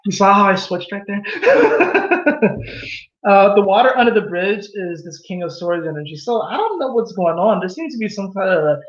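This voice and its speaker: A man giving a casual tarot reading, animated and laughing at his own jokes. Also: sits high. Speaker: tarot reader. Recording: echoey room, dull lo-fi sound.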